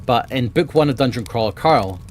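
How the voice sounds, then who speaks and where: Streamer, male, mid-pitched, rambling, eager, casual swearing, faint background hiss. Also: animated, a little fast, a little mellow. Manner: rambling and enthusiastic, swears often. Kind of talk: casual chat about books. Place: home room with bookshelves.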